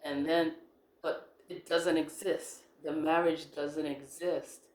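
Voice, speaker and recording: A woman with a low voice tells her personal story in a loose, casual way. She is blunt and profane, laughs often, and says the important lines twice. The room around her gives a noticeable echo. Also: flat delivery, takes it slowly, darkish tone. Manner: emphatic repetition of key phrases. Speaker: vlogger telling a personal story.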